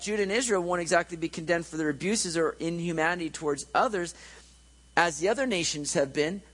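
A man's voice: on the high side, fairly bright tone, low-quality recording. Conversational male preacher. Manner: conversational, joking, checks in with listeners. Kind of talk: sermon.

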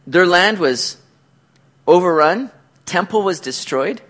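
Male pastor, sermon delivery, bright high register, swings up and down constantly. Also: takes it slowly. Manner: animated preaching with shouted acted-out quotes.

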